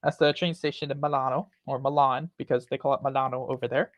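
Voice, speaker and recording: A man's voice: medium pitch, fairly even intonation, fast talker, no echo, muffled recording. A rambling, chatty man hosting a casual talk stream, laughing often. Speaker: host. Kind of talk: casual chat.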